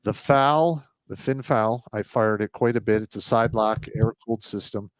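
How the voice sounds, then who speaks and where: A low-pitched man speaks in a plain, matter-of-fact way as a regular on a casual live stream. His voice sounds dry and close, with almost no room in it. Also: moderate pace, smooth, no echo. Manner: plain-spoken, recalls details matter-of-factly. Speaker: veteran guest on a stream.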